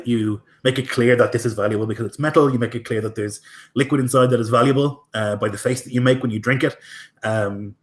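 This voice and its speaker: A man narrating as game master in a tabletop game, casual and full of hesitant fillers. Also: fairly low pitch.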